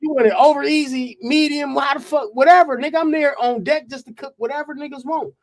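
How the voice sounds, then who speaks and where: A man guest on a podcast telling animated stories in heavy profane slang. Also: extremely high pitch, fairly quick. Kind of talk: casual storytelling.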